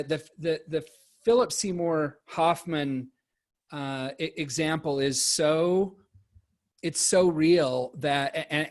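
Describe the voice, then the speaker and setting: A man moderating a virtual panel discussion over a video call, speaking haltingly and often repeating words as he restarts. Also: fairly high pitch.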